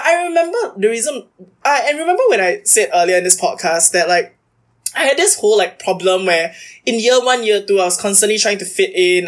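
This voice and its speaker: A young woman, a guest chatting in an interview and packing her talk with "like" fillers. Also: medium pitch. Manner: chatty and animated, many "like" fillers. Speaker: podcast guest, university debater. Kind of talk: casual interview chat.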